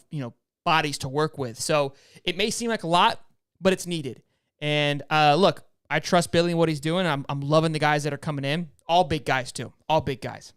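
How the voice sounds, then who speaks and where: A man's voice: a little high, fairly bright tone, smooth, dry recording, clean studio sound. A man hosting a casual sports podcast, upbeat and joking, often repeating words as he talks. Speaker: podcast host.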